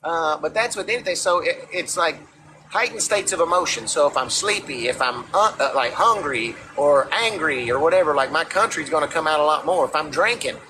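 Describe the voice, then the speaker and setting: A man's voice: on the high side, a little fast, background noise. A man with a Southern US accent telling stories in a casual livestream chat, talking through a phone. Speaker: former reality show contestant.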